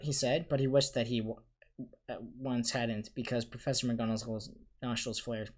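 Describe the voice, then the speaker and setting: A man's voice: medium pitch, normal speed. A man doing a comedic read-aloud of a novel, stumbling and correcting himself as he goes. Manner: stumbling over words, lively. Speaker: comedian reading a book aloud.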